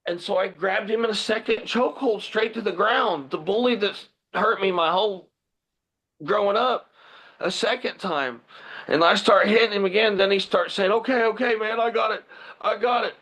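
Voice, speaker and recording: A man, a guest pro wrestler, telling a personal story in animated podcast chat and acting out the dialogue. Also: sits high, normal speed, rough recording. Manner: vivid retelling that acts out the dialogue.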